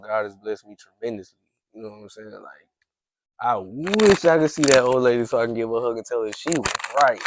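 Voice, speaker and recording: A man's voice: medium pitch, a little mellow, dry recording. Male podcast host, casual storyteller, mid-range voice, loose and rambling. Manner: rambling, heavy use of "like", frequent restarts.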